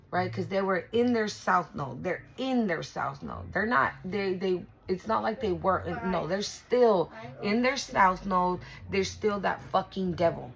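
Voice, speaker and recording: In poor-quality audio, a woman with a creaky, mid-range, slightly bright voice gives her viewers a casual tarot reading. She's blunt and swears freely, repeating herself and starting over to drive her points home.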